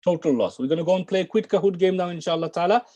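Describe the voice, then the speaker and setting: A man's voice: high voice, very fast, mellow, muffled recording. A British man teaching an online lesson, stressing key words and repeating phrases for learners to follow. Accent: British English. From United Kingdom. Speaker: Arabic and Quran teacher.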